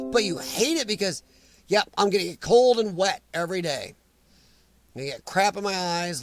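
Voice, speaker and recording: High-voiced joking man. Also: very animated, fairly quick, faint music behind. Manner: joking, teasing, talks back to chat comments. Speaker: livestream host reading chat. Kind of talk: casual live chat.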